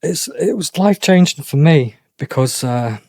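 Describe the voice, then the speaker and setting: Halting man, dry close sound. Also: on the high side, lively intonation, darkish tone, no echo. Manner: halting, repeats himself, many restarts. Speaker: interview guest. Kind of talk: emotional personal account.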